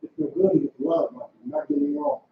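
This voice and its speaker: A man with an unusually high, gravelly voice preaches to a class in a commanding tone, hammering short demands over and over. His delivery swings up and down in pitch. He sounds far from the mic in a very echoey room, on a dull lo-fi recording. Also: sing-song, fairly quick, slight background noise. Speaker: school leader teaching a class.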